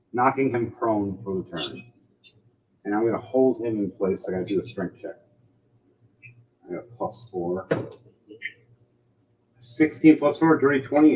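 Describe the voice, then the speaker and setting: A man running a tabletop game as game master, narrating in an animated way and acting out sound effects. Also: fairly low pitch, highs cut off, slight background noise.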